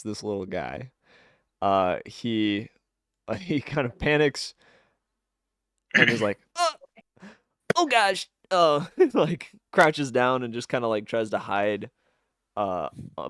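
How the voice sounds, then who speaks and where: A young man runs a tabletop game. His narration is slow and halting, full of fillers, with a gravelly edge and a lively swing in pitch. The sound is dry and close. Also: dry recording. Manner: rambling, halting, with frequent fillers. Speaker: game master.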